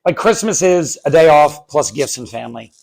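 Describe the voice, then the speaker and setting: A man in his thirties from the United States telling a personal story on stage at a story slam, wry and animated. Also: a little high, moderate pace, vocal fry, low-quality recording. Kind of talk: live story slam performance. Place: on stage before an audience.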